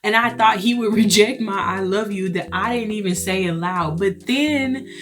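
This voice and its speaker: A woman's voice: medium pitch, moderate pace, a bit bright. A young adult woman vlogger chatting to her viewers, laughing often and acting out what others said. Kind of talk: casual storytelling to viewers.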